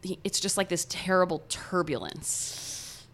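Bright-voiced Ohio woman telling a story. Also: fairly low pitch, unhurried. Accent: Ohio American. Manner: animated, lots of filler words. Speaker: podcast co-host. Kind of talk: casual storytelling chat.

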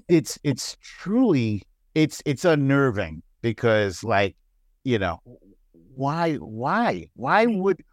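A man in casual conversation as a podcast guest, his voice leaping up and down in pitch as he tells his stories. He laughs often, and the sound is dry and close. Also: dry recording. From United States. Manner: animated storyteller, laughs often. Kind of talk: casual chat.

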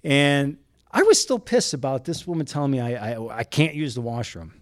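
Lively storytelling man from Chicago. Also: mid-range voice, normal speed, no echo, studio quality. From Chicago, USA. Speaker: news photojournalist, guest. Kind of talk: storytelling in casual chat.

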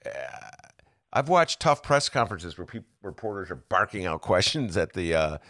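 A man hosting a podcast interview, speaking thoughtfully and haltingly as he searches for his words. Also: low-pitched, big pitch swings, a bit bright, no room sound, studio quality. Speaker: podcast host, former radio host. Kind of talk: conversational interview.

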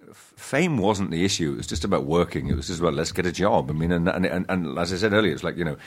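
A middle-aged man, an actor telling stories in an interview, halting and self-deprecating with many restarts. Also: low voice, animated. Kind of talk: casual interview storytelling.

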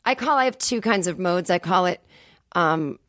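A woman's voice: lowish voice, animated, fairly bright tone, dry recording, studio quality. A woman comedian telling comic stories in a casual podcast chat. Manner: rapid comic storytelling. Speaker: comedian guest.

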